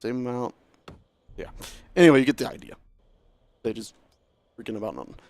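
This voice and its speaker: A man's voice: medium pitch, animated, a little fast, a little mellow, no room sound, clean studio sound. A man streaming a building game, talking casually and joking at himself as he plays. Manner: chatty, self-mocking, talks to himself while playing. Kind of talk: casual gameplay commentary.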